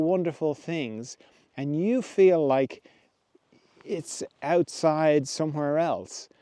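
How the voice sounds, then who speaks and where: A middle-aged man hosting a spiritual podcast, musing gently and restarting his thoughts as he talks. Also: on the high side, no room sound. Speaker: podcast host, spiritual teacher. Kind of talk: reflective spoken talk.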